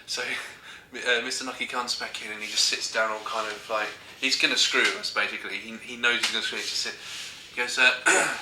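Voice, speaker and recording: A man's voice: medium pitch, steady tone, brisk, hardly any pauses, noisy background. A man telling a comic story casually, often breaking into giggles. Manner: giggly, keeps breaking into laughter. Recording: echoey room.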